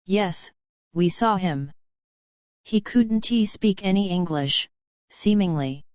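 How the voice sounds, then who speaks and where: A woman's voice: fairly low pitch, slow pace, a little mellow, no room sound, highs cut off. A woman reading the plain, polite lines of a young male newcomer in a storybook. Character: young male newcomer taking over a farm.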